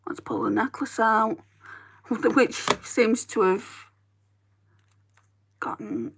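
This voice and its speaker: A woman's voice: on the high side, drawn-out words, vocal fry, slight background noise. A woman with a northern English accent, a beauty vlogger chatting casually to viewers while she does her makeup. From northern England. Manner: chatty, rambling, talks to viewers.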